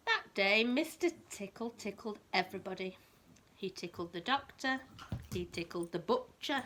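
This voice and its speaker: Bright-voiced woman reading a storybook aloud. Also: medium pitch, a little slow, pauses often, slight background noise. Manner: expressive, adds gentle asides to young listeners. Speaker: teacher reading to children. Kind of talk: children's storytime read-aloud.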